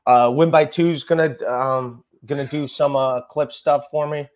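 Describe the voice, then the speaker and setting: A man's voice: mid-range voice, fairly even intonation, a little slow, a little mellow. A man hosting a casual podcast chat, rambling and stammering as he talks. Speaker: podcast host.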